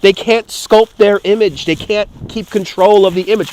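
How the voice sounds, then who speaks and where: A man's voice: high-pitched, a little fast, few pauses, a little hiss or hum. A man, live-streaming outdoors from a phone on a gimbal, talking in an emotional, rambling way, repeating himself and swearing. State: close to tears. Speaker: livestream vlogger. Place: outdoors in a city street.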